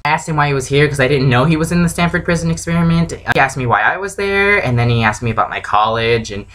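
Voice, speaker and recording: Young woman vlogger, casual excitable storytelling, gushing fan energy. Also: very deep voice, quick pace, rough recording. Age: young adult.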